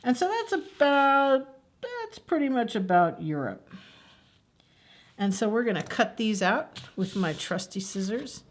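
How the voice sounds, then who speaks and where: Slow, chatty woman leading a kids' craft. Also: on the high side, very animated. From New Jersey. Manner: chatty, asks children questions. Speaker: children's story time host. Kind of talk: craft demonstration for children.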